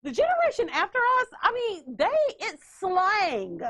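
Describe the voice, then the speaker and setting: A woman's voice: extremely high pitch, huge pitch swings, measured pace, a bit bright. A woman hosting a podcast in casual chat, brash, joking and profane. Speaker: podcast host.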